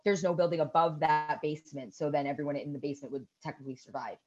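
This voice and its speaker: A woman in her thirties co-hosting a podcast, casually retelling a movie scene by scene, swearing and shrieking the characters' yells. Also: deep voice, brisk, few pauses, lo-fi sound. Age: 30s. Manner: animated storytelling with loud shrieks and swearing. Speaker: podcast co-host. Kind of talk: casual chat recapping a movie.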